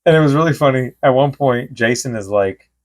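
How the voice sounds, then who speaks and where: A man's voice: mid-range voice, fairly quick. A man co-hosting a podcast, telling stories in casual chat and quoting people as he goes. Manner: rambling storyteller, quotes people in bits. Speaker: podcast co-host.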